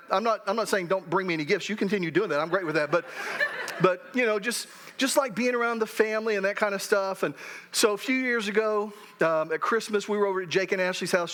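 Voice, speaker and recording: An older man delivers a sermon in a loose, conversational way, doubling back on his words. His voice sits high for a man, and he jokes at his own expense. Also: fairly bright tone. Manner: conversational, self-deprecating humor, many restarts. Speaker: pastor.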